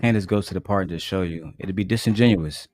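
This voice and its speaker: A man's voice: deep voice, fast, darkish tone, no echo. Guy reacting to clips on stream, sly sarcastic asides, dry close mic, faint music under it. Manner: teasing, sarcastic asides to viewers. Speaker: commentary stream host.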